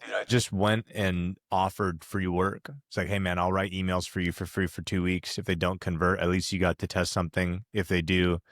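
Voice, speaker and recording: Deep-voiced laid-back male guest. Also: flat delivery, normal speed, hardly any pauses, fairly bright tone, no echo, studio quality. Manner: laid-back, slangy, confident storyteller. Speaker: podcast guest, copywriter. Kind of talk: casual podcast conversation.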